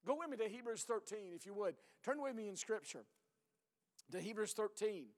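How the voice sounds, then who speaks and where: Hoarse middle-aged preacher guy, kinda high voice, earnest, repeats himself, echoey church. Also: expressive, moderate pace. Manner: earnest, repeats words, drops to a low intense voice. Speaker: pastor. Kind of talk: sermon.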